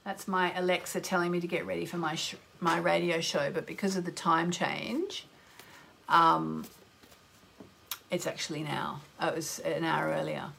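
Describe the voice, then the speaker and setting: A woman's voice: level tone, normal speed, gravelly, a bit bright, slight background noise. A woman hosting a live astrology and card-reading radio show, chatty and gushing, greeting listeners by name and breaking into exclamations. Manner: exclamatory, with sudden upward leaps in pitch. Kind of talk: live radio call-in chat.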